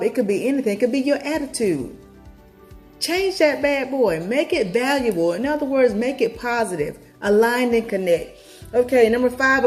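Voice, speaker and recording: A woman vlogger talking casually to her viewers, chatty and upbeat, reflecting on a book with sudden excited leaps in her voice. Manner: chatty, talks straight to viewers, big excited pitch jumps.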